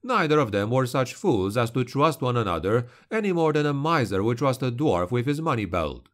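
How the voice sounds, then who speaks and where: A man narrating a dark fantasy audiobook in a measured, grave manner. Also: mid-range voice, very animated.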